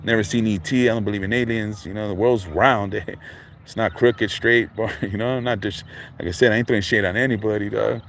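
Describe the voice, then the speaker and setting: A man's voice: on the low side, steady tone, a little fast, a bit bright. A middle-aged man, talking casually on a livestream in street slang and filling his lines with man and dog. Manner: laid-back street slang, constant fillers like man and dog. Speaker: livestream host. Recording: faint background noise.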